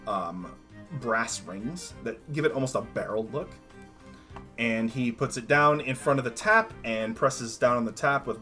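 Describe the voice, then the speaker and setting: Slow, chuckling male game master. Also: mid-range voice. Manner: relaxed, many fillers, chuckling. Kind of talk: narrating a tabletop game.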